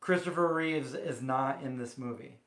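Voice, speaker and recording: A man's voice: medium pitch, moderate pace, fairly bright tone, roomy sound. A man hosting a casual livestream from his home kitchen, rambling and chatting directly with viewers. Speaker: livestream host. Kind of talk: casual chat.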